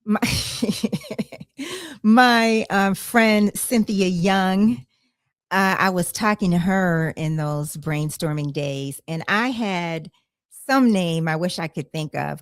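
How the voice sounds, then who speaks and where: A low-pitched woman hosting a podcast, chatting over a video call. She rambles, circling back with fillers and restarts. The sound is dry and close. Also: no room sound. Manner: rambling, with many fillers and self-corrections. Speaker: podcast host. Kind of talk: casual conversation.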